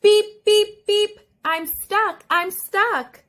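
A woman voicing a cheerful, friendly little blue truck in a squeaky, urgent voice for a storybook. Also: lively intonation, measured pace, a bit bright. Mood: alarmed.

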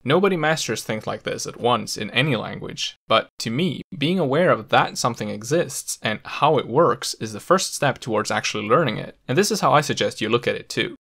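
Gravelly man explaining language patterns. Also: medium pitch, lively intonation, a little fast, few pauses, fairly bright tone. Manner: explanatory, with playful asides. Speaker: language educator. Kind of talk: scripted educational narration.

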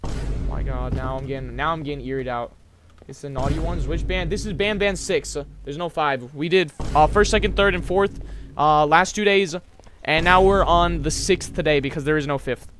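A young man streaming a game, joking with chat and breaking into loud yelling bursts. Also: on the high side, moderate pace, noisy background. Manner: hyper, jokey, bursts of yelling. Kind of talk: live game streaming commentary.

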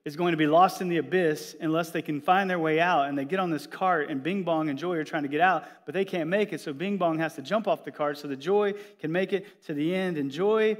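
Preaching in a church, this middle-aged pastor jokes and tells lively stories. His voice is fairly high and fairly quick, with hardly any pauses.

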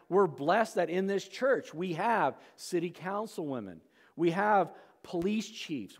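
Conversational pastor in a reverberant hall. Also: male voice, a little high. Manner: conversational, asides with "okay?" and "right?". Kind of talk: expository sermon. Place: church sanctuary.

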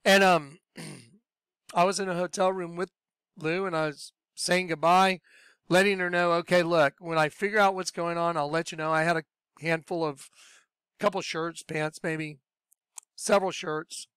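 A man telling his personal religious testimony in a lively storytelling way, acting out what he said back then. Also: a little high, a little slow, clear, resonant tone, no room sound, clean studio sound. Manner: animated storyteller, acts out his own past voice. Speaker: speaker sharing a religious testimony.

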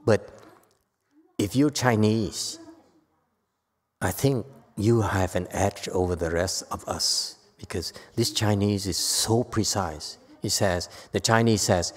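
A woman giving a Buddhist Dharma lecture to a live audience. She is emphatic and playful, swinging from quiet asides to loud outbursts. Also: very deep voice, takes it slowly, husky. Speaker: Buddhist teacher. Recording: echoey hall with long reverb.

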